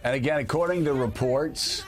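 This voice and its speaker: A man's voice: mid-range voice, moderate pace, a crowd in the background. A middle-aged man hosting a morning talk show, delivering indignant, emphatic opinion commentary.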